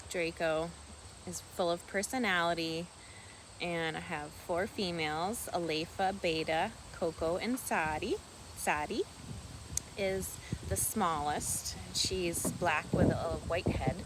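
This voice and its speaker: Woman, slow unhurried talk, lowish voice, rambling and affectionate, outdoors by a pond, faint insects behind. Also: steady tone, a little hiss or hum. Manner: soft-spoken, meandering, affectionate toward her pets. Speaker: vlogger and duck keeper. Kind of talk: casual rambling vlog. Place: outdoors on a rural farm by water.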